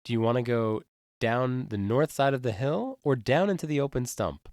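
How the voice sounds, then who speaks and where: A man reading the text of an adventure game aloud to his friends, with an expressive delivery. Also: medium pitch, dry recording, clean studio sound. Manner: expressive reading, quick to laugh.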